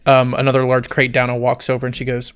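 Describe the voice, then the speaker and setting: A man's voice: medium pitch, completely flat delivery, fast, clean tone. A man narrating a tabletop game as game master, playful and laughing often.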